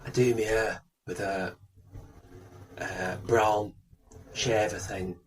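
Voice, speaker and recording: A man's voice: lowish voice, steady tone, slow pace, far from the mic. A man in casual podcast chat, joking and chipping in. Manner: chatty, jokey, interjecting. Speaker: podcast co-host.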